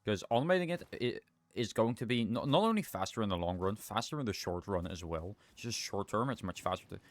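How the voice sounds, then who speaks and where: Man, young adult, very deep voice, casual gameplay commentary, rambling, self-correcting. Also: lively intonation, brisk. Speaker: livestreamer.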